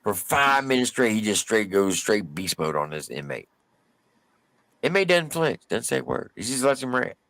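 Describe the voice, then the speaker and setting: A man co-hosting a live stream, telling a story casually with drawn-out emphasis and mild cursing. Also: lowish voice, sing-song, vocal fry, a bit bright, no echo.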